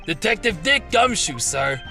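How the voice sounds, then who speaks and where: A man voicing an excitable, brash male police detective from a game, talking loudly. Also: sits high, measured pace, creaky, over music, voice pushed up, full character voice. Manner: brash, loud, ends with "pal". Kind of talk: game dialogue read aloud.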